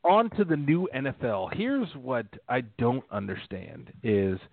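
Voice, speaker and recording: A man's voice: mid-range voice, big pitch swings, unhurried, gravelly, no echo. A man co-hosting a sports podcast in a jokey, riffing way. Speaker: podcast co-host. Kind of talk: casual chat. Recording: phone-like line.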